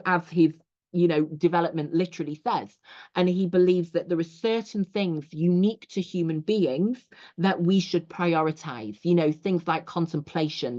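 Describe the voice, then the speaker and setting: Woman teacher talking through slides, kinda low voice, lots of "you know"s, dull muffled audio. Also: a little mellow. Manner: explanatory, frequent 'you know' asides. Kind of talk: recorded lecture over slides.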